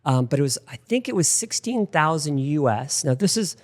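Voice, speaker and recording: Middle-aged male talk host, chatty storyteller, voice sits a touch high. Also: normal speed. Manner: animated anecdotal storyteller with frequent "like". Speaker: podcast host. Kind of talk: casual interview storytelling.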